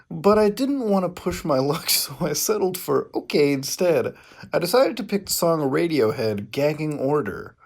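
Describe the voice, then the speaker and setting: A man's voice: fairly high pitch, creaky, darkish tone. A man reading fan fiction aloud for comedy, breaking in with profane, exasperated asides. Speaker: YouTuber.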